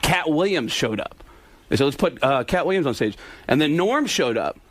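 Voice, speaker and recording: Male comic, storyteller; lively anecdote full of voices, pitched a bit high. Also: normal speed, no room sound. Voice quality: bursts into loud shouted character voices. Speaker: impressionist comedian guest. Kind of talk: animated storytelling with impressions.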